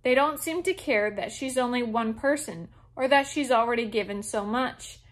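A woman's voice: a little high, normal speed, lightly acted. A woman reading aloud the lines of a brooding, ruthless young man who is fiercely protective. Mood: cold.

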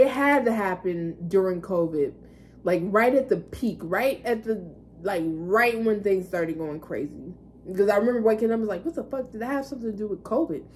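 A woman's voice: on the low side, a little mellow, a little hiss or hum. A woman vlogger casually recounting personal experiences in a candid, rambling way, cursing now and then. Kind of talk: casual storytelling monologue.

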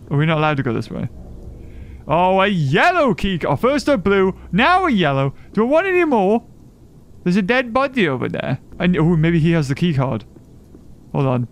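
Young let's player, goofy, bouncy high voice, faint music under. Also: male voice, a little hiss or hum. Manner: goofy, jokey, sudden squeals and silly voices. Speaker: gaming YouTuber. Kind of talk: let's play commentary.

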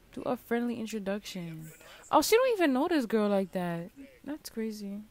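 This woman's voice sits high and unhurried. She's a young gaming channel host playing a life-sim game, offering chatty, slangy Let's Play commentary to her viewers, punctuated by bursts of excitement.

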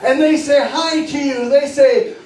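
A man working as a stage hypnotist, guiding volunteers through suggestions with slow, coaxing, playful patter. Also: very high-pitched, steady tone, heavy background noise. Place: party venue with audience. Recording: echoey room from far off, faint music.

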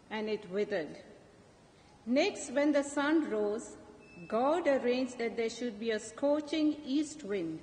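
Slow-reading woman lector, echoey church. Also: fairly high pitch, a little mellow. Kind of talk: scripture reading at Mass. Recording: echoey church with faint noise.

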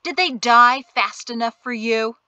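A woman voices a stern male colonel in an audiobook, blunt and forceful in a bright, tense voice. He scolds with clipped, cutting indignation, the sound close and dry. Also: a little high, unhurried, dry recording, highs cut off. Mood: indignant.

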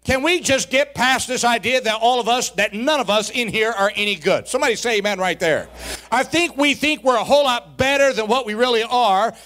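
A man's voice: very high voice, fairly quick. A man preaching a sermon in a church, calling for responses from the congregation and throwing in folksy, humorous asides. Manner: preaching with shouted peaks and call-and-response. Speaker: pastor. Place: church sanctuary.

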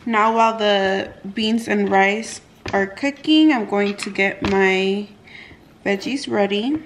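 Slow, easygoing woman narrating her cooking. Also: medium pitch. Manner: relaxed, talks through each step as she works. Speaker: cooking vlogger. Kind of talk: casual step-by-step cooking narration. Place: home kitchen. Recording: kitchen noise with clicks and clatter.

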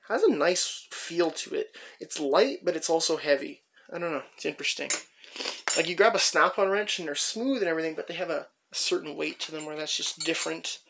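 A man with a slightly high, gravelly voice talks through his collection at an easy pace. He rambles casually and pauses often as he picks up each piece. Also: fairly bright tone. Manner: rambling, chatty, many "uh" pauses while handling tools. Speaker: tool collector showing his finds. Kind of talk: casual show-and-tell narration.

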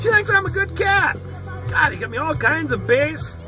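A young man filming a casual mail-day vlog on his phone from inside a parked car, talking loudly and profanely in an excited, rambling way. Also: extremely high pitch, moderate pace, over music, crowd noise, poor audio. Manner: loud, profane, hyped-up rambling. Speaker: sports card collector vlogger. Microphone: phone camera held in hand.

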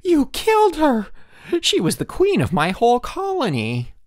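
A man puts on a shrill, fussy boy in an audiobook who lives for insects and goldfish. His voice climbs high and shrieks whenever he is upset, bouncing up and down with every line. The recording is dry and close. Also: moderate pace, creaky, no echo, full character voice. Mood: shrieking. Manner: shrieking, wailing, high and excitable.

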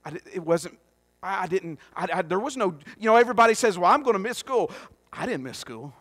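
High-voiced folksy preacher man. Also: expressive, fast talker, fairly bright tone, no echo. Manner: folksy, earnest, with many restarts and asides. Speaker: pastor. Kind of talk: sermon and prayer. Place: church sanctuary.

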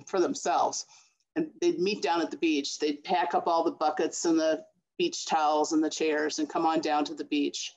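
Low-voiced woman telling a personal story. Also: dull audio. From Chicago area. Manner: expressive, acts out her mother's voice.

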